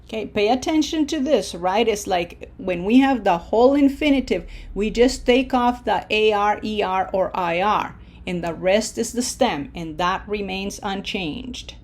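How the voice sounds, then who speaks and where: A woman teaching a Spanish verb lesson, modeling each word slowly and stressing the syllables. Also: medium pitch. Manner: slow, deliberate modeling of words, stressing syllables. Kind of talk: language lesson with drills.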